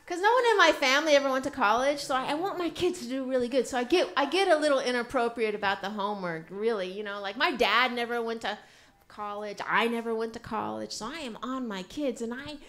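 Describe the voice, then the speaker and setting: A woman's voice: a little high, fast, fairly bright tone. A middle-aged woman doing a stand-up comedy set, telling brash, profane stories. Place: comedy club stage.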